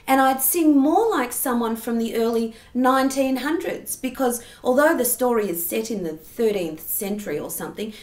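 Her pitch is fairly high and the sound reverberant as this woman teaches an online singing lesson. She talks through technique, stopping now and then to sing short demonstrations.

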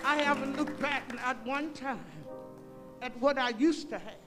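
A woman's voice: high-pitched, a little slow, loud music behind the voice, a loud crowd. Older woman giving a testimony. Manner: preachy, folksy storytelling, calls out "y'all". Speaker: guest singer giving testimony. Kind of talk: spoken testimony with sung hymn lines. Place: concert hall stage.

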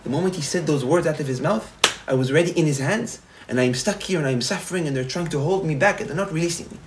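A man, a rabbi, retelling a parable in a sermon, animated and repetitive. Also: on the high side, quick pace, slight background noise, low-quality recording. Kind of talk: sermon storytelling.

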